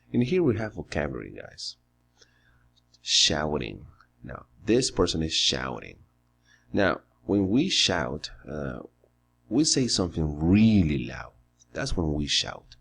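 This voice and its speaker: A man teaching an English lesson, explaining grammar and vocabulary slowly and patiently, step by step. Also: deep voice, vocal fry, husky.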